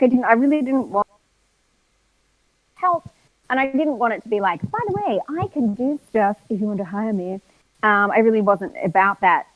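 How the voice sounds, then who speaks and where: A woman's voice: medium pitch, no room sound, low-quality recording. An Australian woman, a voice actor, chatting as a guest and telling anecdotes, acting out other people's lines with laughter. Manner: lively storyteller, acts out quotes, laughs often. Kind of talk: casual live-stream interview.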